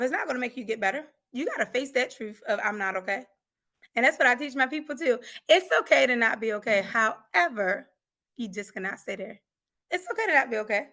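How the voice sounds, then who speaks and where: High raspy-voiced woman giving heartfelt testimony. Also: lively intonation, a little fast, bright, forceful tone. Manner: earnest and emphatic, laughs through pain. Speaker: podcast guest, coach. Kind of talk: emotional personal testimony.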